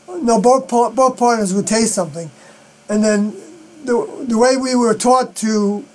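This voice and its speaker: A man talking alone on a live stream, rambling and halting, with many fillers and unfinished sentences. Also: high-pitched, rough recording. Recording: mains hum behind the voice.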